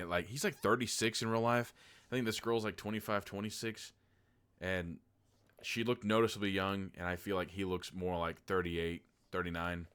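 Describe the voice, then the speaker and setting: A young man from Oklahoma with a slightly low voice talks through a movie review in a loose, rambling way. He swears freely and acts out little quoted asides as he goes. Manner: rambling, profane, animated storytelling with quoted asides. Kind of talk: casual movie review monologue.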